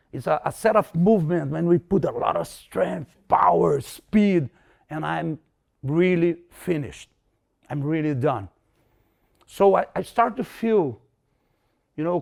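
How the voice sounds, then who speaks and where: Slow, gravelly man speaking broken English. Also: fairly high pitch, darkish tone. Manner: broken English, repeats words, acts out quotes. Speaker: martial arts instructor. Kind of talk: motivational talk.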